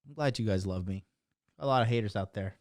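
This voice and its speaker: A man's voice: on the low side, fast, darkish tone, no room sound, studio quality. A man coaching on dating, ranting on a livestream to his chat in a brash, boastful and mocking way, punctuating points with "okay?". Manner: emphatic, keeps asking "okay?".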